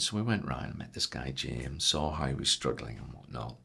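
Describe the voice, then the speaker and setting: Brief: man with a very low, husky voice, earnest and reflective in conversation. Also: animated, fairly quick, sharp tone. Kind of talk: casual conversation.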